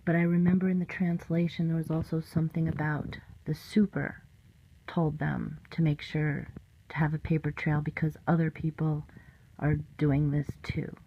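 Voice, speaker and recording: A woman's voice: sits low, little pitch movement, moderate pace, slight background noise. A woman vlogger giving a matter-of-fact explanatory voice-over. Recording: dull lo-fi audio.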